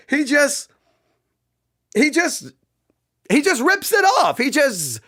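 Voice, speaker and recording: A middle-aged man hosting his own channel, excitedly telling a story in casual talk and often repeating himself. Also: high-pitched. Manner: animated, repeats himself, breaks into laughter. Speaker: channel host.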